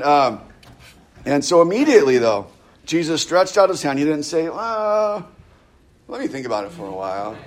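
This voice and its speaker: A man preaching a casual, conversational sermon, often checking in with his listeners and restarting phrases. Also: medium pitch. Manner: conversational, frequent "right?" asides and restarts. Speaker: pastor.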